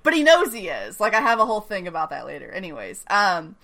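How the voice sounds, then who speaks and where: A woman talks through a TV episode in a loose, chatty way, laughing often and swearing freely. Her voice is bright and forward, and her pitch sits in a middle range. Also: huge pitch swings, quick pace, gravelly. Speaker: podcast host recapping a TV episode. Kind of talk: casual chat.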